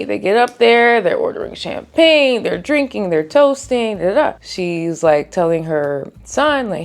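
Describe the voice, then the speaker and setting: A woman's voice: medium pitch, expressive, unhurried, few pauses. A woman book vlogger in a casual reading wrap-up, telling stories in a chatty way with lots of filler words. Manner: chatty storytelling, frequent "like" fillers.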